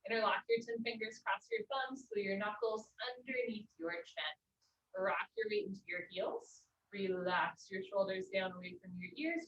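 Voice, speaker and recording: A woman teaching a live yoga class, giving brisk step-by-step cues for breath and posture over a video call. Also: medium pitch, expressive, a little hiss or hum. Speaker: yoga instructor. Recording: roomy, distant, dull video-call audio.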